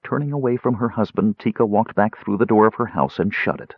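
Low-voiced man reading a fantasy novel. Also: a little fast, slightly rough, dry recording. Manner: expressive, dramatic reading. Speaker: audiobook narrator. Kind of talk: scripted fantasy narration. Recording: dull, dry lo-fi recording.

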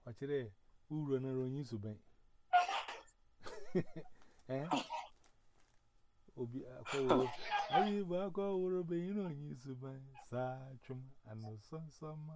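A man in loud, animated casual banter, mixing Twi and English. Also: medium pitch, measured pace, long pauses. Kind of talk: casual chat. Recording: loud background noise.

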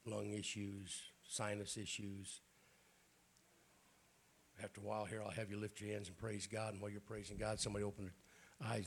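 Raspy low-voiced preacher man. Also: a little mellow, a little hiss or hum. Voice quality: raspy, throat-clearing. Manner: folksy, joking preacher talk. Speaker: bishop. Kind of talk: sermon. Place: church.

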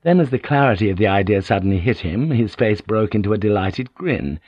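A man reading an audiobook in a steady, even storytelling manner. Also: lowish voice, a little fast, no room sound, dull audio. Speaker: audiobook narrator. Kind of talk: scripted narration.

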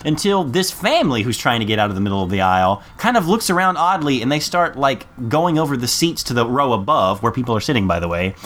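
Animated man telling a story. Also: fast talker, hardly any pauses. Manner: animated storyteller, jumps high to mimic people. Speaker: podcast co-host. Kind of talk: casual storytelling chat.

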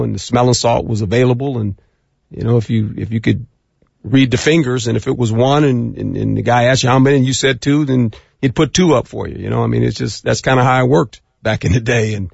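A middle-aged man talking football as a guest on sports radio, acting out scenes in a rising, animated voice. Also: medium pitch, brisk, creaky, dry recording. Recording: dull lo-fi radio audio.

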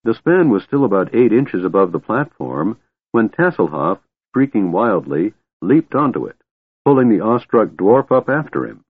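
Male audiobook narrator, low voice, steady and measured, thin phone-like audio. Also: slightly rough, no room sound. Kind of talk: scripted fantasy narration. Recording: tinny phone-like, dry.

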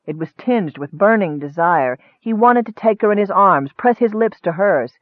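A man narrating an audiobook with a measured, expressive delivery. His voice sits fairly high for a man. The recording is narrow and phone-like, completely dry. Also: no room sound.

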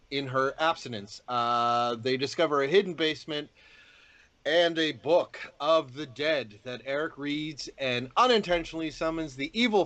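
A man's voice: medium pitch, a bit bright. Rambling man in casual film chat. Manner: rambling, filler-heavy, swears freely. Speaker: podcast co-host. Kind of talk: casual movie review chat.

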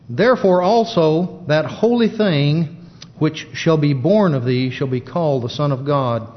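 A man giving a plain-spoken Bible teaching in a halting style with many fillers, recorded in a church. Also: fairly high pitch. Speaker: preacher. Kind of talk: sermon. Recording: dull lo-fi church recording with long reverb.

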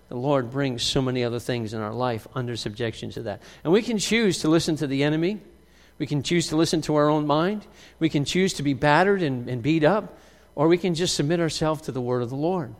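A man preaching a sermon as pastor, emphatic, swinging from loud outbursts to quiet, drawn-out lines. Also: fairly high pitch, in a large hall.

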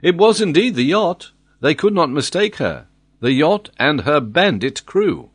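Male audiobook narrator, dramatic delivery, unhurried, lively pitch. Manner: expressive, dramatic reading. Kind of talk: reading a classic novel aloud.

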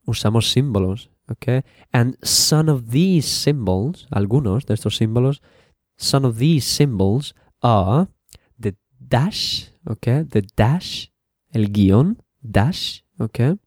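Guy teaching english basics, really slow, dry close sound. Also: medium pitch, expressive, a little mellow, no room sound. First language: Spanish. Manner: slow and repetitive, switching to Spanish for translations. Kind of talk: bilingual language lesson.

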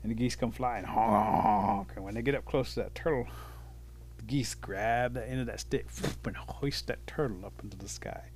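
A man telling a traditional animal fable, animated and chuckling as he goes. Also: mid-range voice, a little fast, a little hiss or hum. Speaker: storyteller. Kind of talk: told folk tale.

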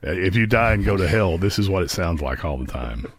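A man's voice: low-pitched, lively intonation, fairly quick, heavy background noise. A man hosting a live stream, giving sarcastic, mocking commentary on clips. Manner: mocking, sarcastic, laughs at own jokes. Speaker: host.

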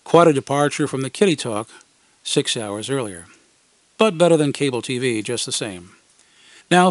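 A man's voice: medium pitch, no room sound. A man reads a wry, scripted first-person story for an amateur radio program. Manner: wry, dry humor, acted quotes. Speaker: radio segment commentator.

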